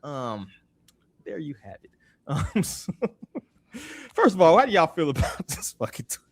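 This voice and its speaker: A male podcast host with a wry, swearing, conversational manner. His pitch swings a lot as he talks. He sounds close and dry on a studio mic. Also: measured pace, no room sound. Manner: animated, wry, swearing freely. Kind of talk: casual roundtable chat.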